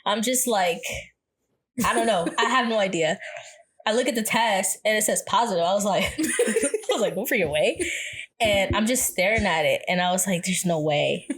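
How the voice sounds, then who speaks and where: A woman's voice: mid-range voice, normal speed, slight background noise. Laughing young woman telling a story. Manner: storytelling, laughs often, slangy. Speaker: podcast co-host. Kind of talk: casual chat.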